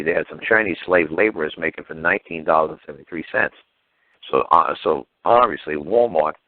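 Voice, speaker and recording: A man's voice: extremely low pitch, no echo. A man on a talk show telling a story in a blunt, profane, fired-up way over the phone. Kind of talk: casual call-in radio chat. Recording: tinny phone line.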